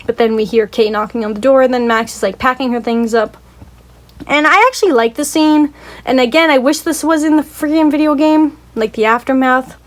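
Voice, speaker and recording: A woman's voice: high-pitched, fairly even intonation, fairly quick. A young woman casually retelling a story for a video review, rambling with lots of "like" and swearing, and gushing about how sad it was. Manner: emotional, gushing.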